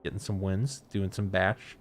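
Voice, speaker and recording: A man's voice: low voice, level tone, moderate pace, faint music behind. A man hosting a casual esports talk show, laid-back, with many uh and um fillers as he talks. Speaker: host.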